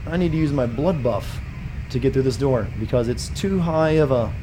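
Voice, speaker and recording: A man's voice: medium pitch, animated, moderate pace, noisy background. A man streaming a video game, chatting casually with viewers about connection problems and his play.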